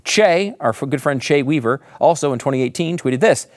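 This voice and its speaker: A man with a slightly high voice hosts a political commentary show, speaking a little fast in a sarcastic, mocking, emphatic way. His delivery is lively, and the recording is clean studio sound with no room echo.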